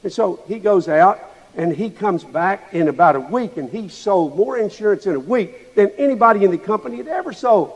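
A man's voice: high-pitched, expressive, fairly quick. A man preaching a sermon to a congregation, asking them rhetorical questions as he goes. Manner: asks the listeners rhetorical questions. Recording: long hall reverb.

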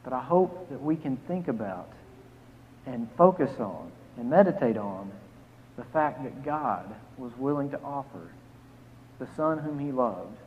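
A man pastor reading scripture, preaching and leading a prayer, emphatic on key phrases and dropping soft to pray. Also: mid-range voice, slight background noise. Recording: phone-like sound with long hall reverb.

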